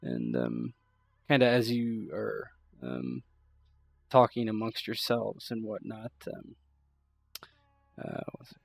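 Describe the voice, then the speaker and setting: A man's voice: lowish voice, big pitch swings, slow pace, vocal fry, pauses often. A man narrating a tabletop role-playing game as game master, rambling loosely with many fillers.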